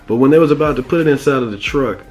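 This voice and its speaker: A man's voice: medium pitch, very fast, a little mellow. A man casually recapping a cartoon episode as a reviewer, rambling in profane slang. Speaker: show reviewer.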